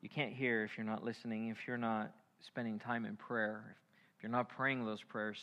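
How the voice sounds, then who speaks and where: A man preaching a sermon as a pastor, animated and acting out biblical figures, swinging from hushed to loud. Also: on the low side, normal speed, highs cut off.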